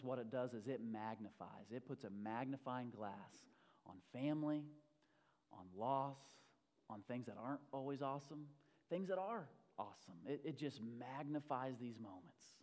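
A man preaching a sermon as pastor, swinging between loud, emphatic passages and hushed, near-whispered prayer. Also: mid-range voice, big-room sound.

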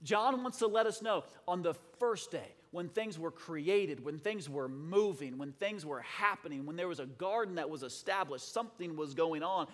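Male pastor, sermon, high voice, dramatic swings from loud to hushed, long hall reverb. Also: expressive, normal speed, hardly any pauses.

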